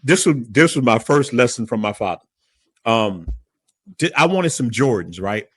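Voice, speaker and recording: A man speaks as a podcast guest, telling a story from his own life in a lively, casual way and doubling back on his words. His voice sits at an ordinary middle pitch. The sound is dry and close, with no room echo. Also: moderate pace, slightly rough. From New Orleans area, USA. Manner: animated, repeats words while telling a story.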